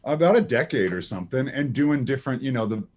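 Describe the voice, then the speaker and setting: A man in his thirties, a voice actor being interviewed, who tells anecdotes in a lively, laughing, casual way. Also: medium pitch, fast. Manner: animated, anecdotal, laughs often, many restarts. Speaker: voice actor guest.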